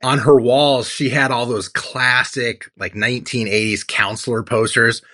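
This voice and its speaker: Bright-voiced man telling his story. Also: medium pitch, steady tone, measured pace. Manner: earnest storytelling, acts out his own past lines. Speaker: guest, tattoo artist. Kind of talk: personal testimony in an interview.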